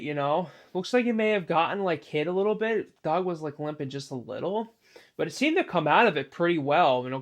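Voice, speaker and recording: Male storyteller, slightly high voice, rambling improvised narration with lots of "you know.".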